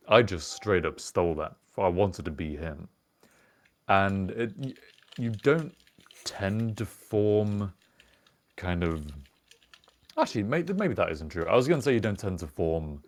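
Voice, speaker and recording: A man's voice: sits low, lively intonation, unhurried, pauses often. A young British man co-hosting a casual podcast, rambling and reflective, swearing now and then. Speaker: podcast co-host. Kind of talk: casual chat.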